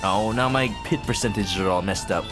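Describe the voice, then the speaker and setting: A man's voice: lowish voice, normal speed, music in the background. A man streaming a game playthrough, joking and riffing on what is happening on screen. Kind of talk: casual playthrough commentary.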